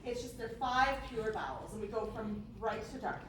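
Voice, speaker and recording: A woman's voice: on the high side, normal speed, a bit bright, a little hiss or hum. A woman leading a choir workshop, encouraging the singers and demonstrating vowels by singing them. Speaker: choir clinician. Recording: echoey hall from far off.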